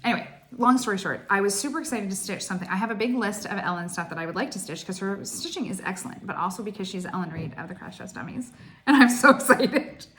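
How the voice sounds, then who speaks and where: An excitable woman in her forties, chatting to her viewers in a casual craft vlog. She gushes and rambles, stacking "like" into every sentence as she tells her story. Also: medium pitch, fast talker. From Canada. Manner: excitable, gushing, heavy use of "like". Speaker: cross stitch vlogger.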